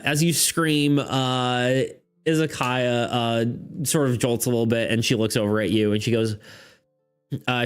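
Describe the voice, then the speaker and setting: A man's voice: medium pitch, clean tone. A man running a livestreamed tabletop game as game master, narrating in a loose, laid-back way and thinking aloud.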